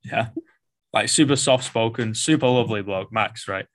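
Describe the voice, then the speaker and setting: Mancunian male fitness coach, low deep voice, blunt, lots of fillers and swearing; casual podcast guest. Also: brisk. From Manchester, England. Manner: blunt, swears a lot, rambling with many fillers.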